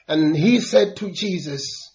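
A man's voice: a little high, slow pace, darkish tone, dull audio. A man preaching a sermon, earnest and building emphasis through repeated phrases.

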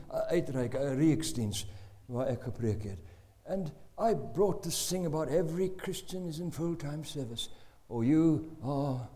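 A man, telling a story in an animated, dramatic sermon. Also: a little high. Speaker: preacher.

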